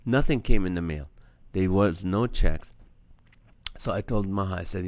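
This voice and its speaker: Man, comedian host, earnest storyteller, low voice, dry sound. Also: normal speed, no room sound. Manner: earnest, animated storytelling with acted-out dialogue. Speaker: comedian hosting a nightly live stream. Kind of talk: storytelling testimony to a live audience.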